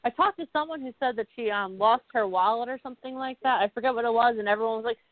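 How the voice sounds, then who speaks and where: A woman's voice: on the high side, fast, no echo. Chatty woman on a tinny line. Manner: relaxed and encouraging, with lots of "like" and "I mean". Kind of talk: casual conversation.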